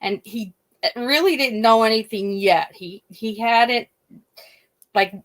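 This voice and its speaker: A woman from Pennsylvania, a YouTuber, chatting casually and telling a story in a rambling, animated way with many restarts. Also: a little high, takes it slowly, no room sound. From Scranton, Pennsylvania. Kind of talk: casual chat.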